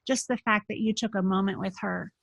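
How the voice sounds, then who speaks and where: A woman's voice: mid-range voice, steady tone, brisk, vocal fry, no echo, dull audio. A woman hosting a podcast interview, enthusiastic and affirming toward her guest. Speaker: podcast host. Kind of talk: casual interview chat.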